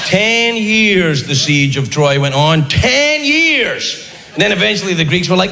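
A man doing an animated stand-up bit, acting out characters in goofy voices. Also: high-pitched, measured pace, vocal fry. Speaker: stand-up comedian. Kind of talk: stand-up comedy set. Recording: live hall recording with crowd noise.

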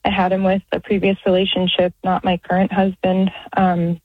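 A woman calling in to a radio show, talking hesitantly with many pauses and sounding close to tears. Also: on the low side, husky, no room sound. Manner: excited, then emotional and halting. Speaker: caller. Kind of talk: call-in question. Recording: muffled phone line.

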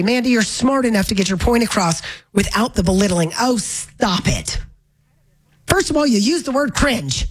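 A woman hosting a talk radio show, chatting wryly and reading listener texts aloud with quick asides. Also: fairly high pitch.

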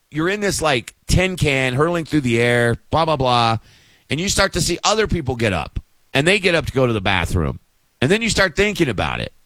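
Man, middle-aged, exasperated rant, sarcastic, higher-pitched, dry sound. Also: a bit bright, dry recording. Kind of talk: ranting monologue.

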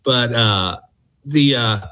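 This is a man in his sixties who grew up in Texas, calling in as a comedian guest. He spins stories in a laid-back, rambling way, with plenty of "uh"s between thoughts. His voice sits at an ordinary middle pitch for a man. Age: 60s. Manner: relaxed storyteller with frequent filler pauses. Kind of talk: casual interview chat, storytelling. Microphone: calling in by phone.

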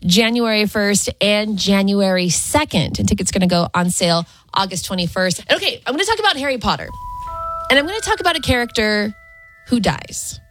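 A woman co-hosting a morning radio show from a studio, chatty and excitable as she tells stories. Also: medium pitch, brisk, soft background music. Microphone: studio microphone.

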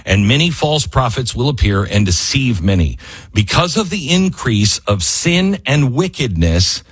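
Male radio talk host, husky, voice swings wide when worked up, fiery monologue. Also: mid-range voice, very animated, unhurried. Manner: rising to near-yelling, fiery and exasperated. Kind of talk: impassioned political monologue. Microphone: studio microphone.

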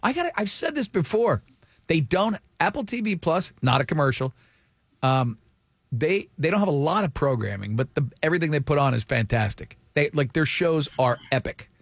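A man in his forties hosting a morning radio show, rambling and excitable in casual banter. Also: a little high, normal speed, creaky, no room sound.

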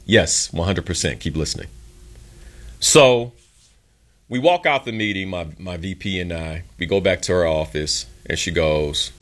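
A man's voice: deep voice, normal speed, a bit bright. A young adult man hosting a show, telling a story from his career as an emphatic motivational monologue and acting out the voices of people in it. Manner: earnest, emphatic, acts out quotes in his story. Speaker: podcast host.

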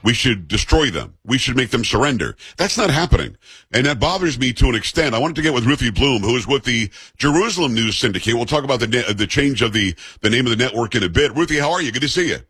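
Man, talk radio host, emphatic, husky dry voice. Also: mid-range voice, very animated, quick pace, no room sound. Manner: forceful, emphatic, repeats himself.

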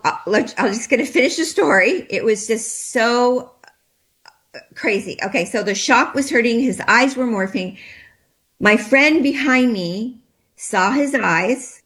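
Shaken woman telling a story haltingly. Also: fairly high pitch, fairly bright tone. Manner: halting, hesitant, many restarts and fillers. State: shaken, trembling. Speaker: interview guest. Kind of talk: recounting a personal experience.

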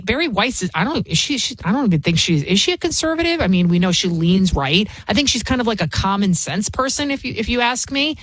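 A woman's voice: fairly low pitch, no room sound, poor audio. A woman hosts a talk radio slot and rants in a combative, scornful way, tripping over restarts as she goes. Her voice sits close to the mic in a dry studio with no room sound. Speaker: fill-in radio host. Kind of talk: opinionated talk radio monologue.

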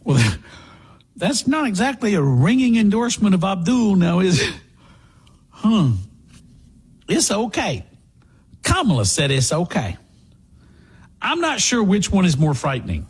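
A man hosting a radio talk show, giving sarcastic, animated political commentary. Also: high-pitched, normal speed, long pauses, slightly rough.

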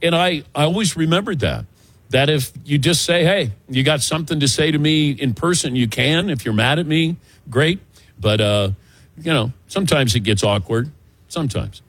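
A man's voice: a little high, normal speed, dry recording. A man hosting a sports talk show, telling stories in casual banter and acting out other voices. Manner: lively storytelling, acts out voices. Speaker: radio show host.

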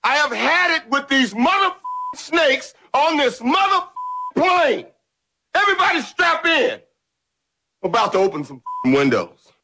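A fed-up, furious man shouts exasperated commands in a film scene. His bright, lively voice climbs high, with a faint noise under it. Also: measured pace, heavily acted, poor audio.

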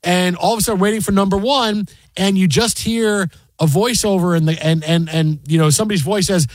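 A man's voice: high-pitched, no room sound. A man hosting a talk radio show, joking and bantering with his co-hosts. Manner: animated, joking, quick to laugh.

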